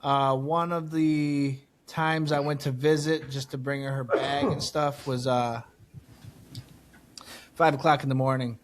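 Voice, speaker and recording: A man hosting a casual podcast, telling a story with lively acted-out dialogue and frequent swearing. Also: mid-range voice, measured pace, slight background noise. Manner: animated storytelling, acts out dialogue, swears freely. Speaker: podcast host.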